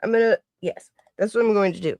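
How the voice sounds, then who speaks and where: A woman's voice: mid-range voice, quick pace, a little mellow, dry recording. A woman hosting a casual livestream, chatting and laughing often as she greets viewers by name. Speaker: livestream host.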